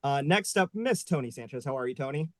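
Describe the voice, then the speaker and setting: A man's voice: mid-range voice, animated, quick pace, dry recording. A man hosting a live online panel show, upbeat and joking, with many fillers. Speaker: host. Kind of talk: casual live panel chat.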